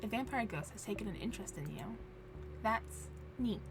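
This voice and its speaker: A woman playing a game, softly reading choices and narration aloud and adding relaxed asides, with game music behind. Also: mid-range voice, normal speed. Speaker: let's player.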